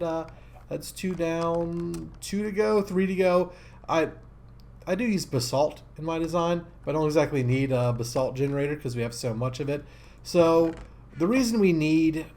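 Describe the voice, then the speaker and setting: Male let's-play host, higher-pitched voice, rambling casual commentary that jumps to excitement. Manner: rambling and easily excited, many fillers.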